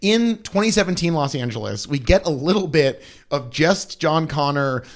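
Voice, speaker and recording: A young man with a fairly high voice co-hosts a comedy podcast. He riffs sarcastically and swears freely, in a loose, animated chat. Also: moderate pace. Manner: sarcastic, profane, animated riffing. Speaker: podcast co-host. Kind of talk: casual comedic movie chat.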